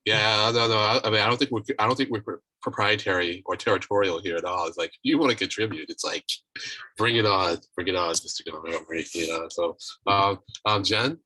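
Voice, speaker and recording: A man chairing a virtual meeting on a video call, talking in a halting way with many restarts and fillers. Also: lowish voice, pushed and bright, no room sound, low-quality recording. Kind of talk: casual virtual meeting talk. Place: home office on a video call.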